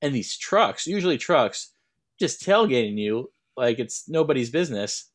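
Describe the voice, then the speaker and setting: Here a young podcast co-host speaks at a typical middle pitch in casual chat, his storytelling full of rambling, backtracking and restarted sentences. He has a sing-song lilt and a moderate pace.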